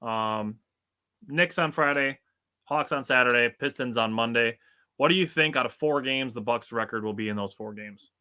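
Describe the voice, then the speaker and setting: A man's voice: mid-range voice, normal speed, sharp tone, clean tone. A young man from Wisconsin with a Wisconsin accent, co-hosting a casual sports podcast in a chatty, easygoing way. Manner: chatty, laughs easily, puts on silly accents.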